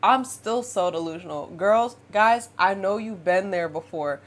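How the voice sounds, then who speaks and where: A woman in her twenties tells a dating story straight to her viewers in a casual storytime vlog. She is chatty and animated, calling her audience y'all and girl. She breaks into laughter often as she talks. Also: mid-range voice, a little slow. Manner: laughs often while telling. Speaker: vlogger.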